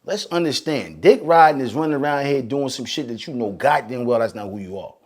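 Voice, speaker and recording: A man's voice: medium pitch, brisk. A man from northern New Jersey hosting a podcast in casual chat, earnest and full of conviction. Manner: earnest, speaks with conviction, quotes others in lively bursts. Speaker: podcast host.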